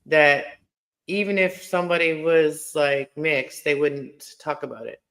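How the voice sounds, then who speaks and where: A man's voice: fairly high pitch, unhurried, bright, forceful tone. A man who grew up in a Mennonite community in Mexico, chatting casually as a YouTuber and tripping over many "like" fillers. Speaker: YouTuber, co-host of live chat. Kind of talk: casual chat.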